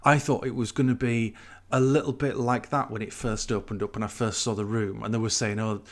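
A man's voice: on the low side, flat delivery, a little fast. A man, co-hosting a casual chat and explaining things at length with fillers.

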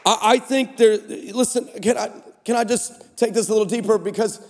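A male preacher delivering a lively conference sermon, swinging between shouted peaks and low, quick asides. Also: a faint crowd. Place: large conference hall. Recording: reverberant hall.

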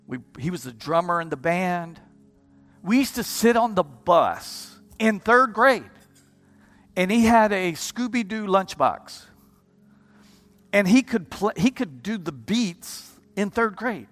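High-voiced preacher in a reverberant hall. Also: male voice, lively intonation, slow pace, fairly bright tone. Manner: impassioned, repeats words, restarts in bursts. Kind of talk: sermon testimony storytelling. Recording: long hall reverb with music underneath. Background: live keyboard music.

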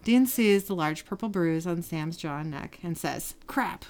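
A woman's voice: lowish voice, expressive, unhurried, a little mellow. A woman on a casual podcast, retelling a TV episode scene by scene and reading the characters' lines aloud. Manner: reads character lines with brief voice shifts, laughs often. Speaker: podcast host narrating a TV episode.

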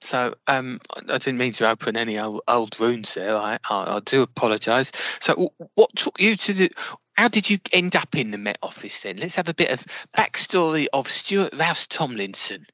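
A man's voice: medium pitch, lively intonation, moderate pace, pushed and bright, no room sound, lo-fi sound. A British man interviewing a guest, hesitant and stammering, cracking jokes in an improvised comedy chat.

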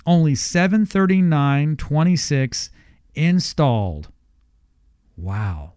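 Animated male radio host, dry studio. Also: fairly high pitch, slow pace, clean tone, dry recording. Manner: animated storytelling, acting out quotes. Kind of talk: radio ad read and chat.

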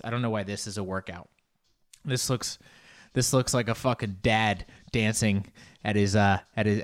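Rambling, profane man hosting a podcast. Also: on the low side. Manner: rambling, profane, self-mocking. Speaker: podcast host and comedian. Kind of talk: casual solo podcast monologue.

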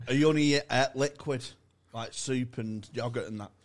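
A man's voice: medium pitch, moderate pace. Crude, jokey man. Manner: crude, jokey, rambling storyteller. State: hungover. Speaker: podcast co-host. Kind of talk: casual comedy chat.

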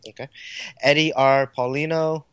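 A man's voice: a little high, steady tone, normal speed, a bit bright, smooth, no room sound. A man hosting a hobby podcast, casually reading out listener names and plugging the show's links. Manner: easygoing, reads out listener names and plugs. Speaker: podcast host.

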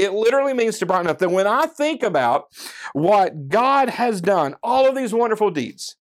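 A man with a fairly high voice giving a friendly, conversational Bible teaching. He works through a passage verse by verse and checks in with listeners as he goes. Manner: conversational, enthusiastic Bible teaching with frequent "okay?" check-ins. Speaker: preacher. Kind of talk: sermon.

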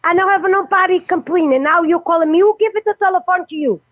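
Portuguese-accented woman, very high voice, irate and cursing, tinny dry phone line. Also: quick pace, dry recording. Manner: furious, swearing, broken English. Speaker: prank call target. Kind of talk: angry phone argument.

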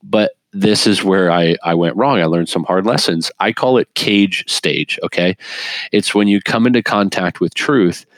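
A middle-aged man speaking as an interview guest, telling his story in an earnest, animated way with frequent laughs and restarts. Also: low-pitched, normal speed, dry recording. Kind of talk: earnest conversational testimony.

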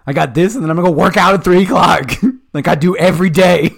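A man's voice: sits high, quick pace, creaky, slightly rough. A young man co-hosting a podcast, joking in casual banter and acting out silly bits, swearing freely. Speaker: podcast co-host. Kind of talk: casual chat.

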